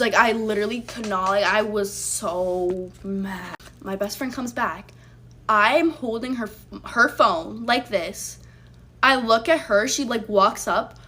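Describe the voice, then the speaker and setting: A woman's voice: fairly high pitch, a little slow, a bit bright. A woman telling a personal story in a casual storytime vlog, blunt and heated, swearing freely as she recounts it. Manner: blunt, profane, heated retelling.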